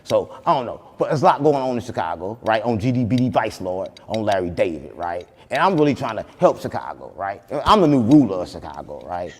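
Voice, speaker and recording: A man hosting a podcast, boasting in animated banter and repeating catchphrases, loud one moment and soft the next. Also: lowish voice, fairly quick, hardly any pauses, breathy edge, big-room sound. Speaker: podcast host.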